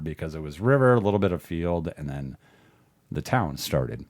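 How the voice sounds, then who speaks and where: Low-voiced man telling a rambling story. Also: darkish tone, no echo. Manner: rambling, profane, laughs often. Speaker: podcast guest. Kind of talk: casual storytelling.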